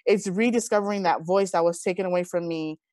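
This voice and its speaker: Fast and lowish-voiced, this woman in her thirties is a guest in an interview conversation, telling stories from her own life. She comes across as earnest, heartfelt and animated, recorded dry with clean studio sound.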